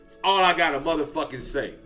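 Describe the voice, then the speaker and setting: Soft music plays behind a man whose voice sits a little high as he talks fast, hosting a reaction video. He tells street stories loosely, swearing and using slang, with an animated drawl of "boy" at each line's end.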